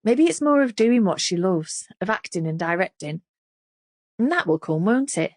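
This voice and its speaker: A woman reading an audiobook thriller in an expressive, scripted narration. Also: medium pitch, normal speed, no echo, studio quality.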